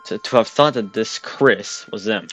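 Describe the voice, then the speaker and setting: Game figure: a gentle, formal motherly goat-woman, read plainly by a man in a low voice, game music underneath. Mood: apologetic. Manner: formal, unhurried reading without doing a voice.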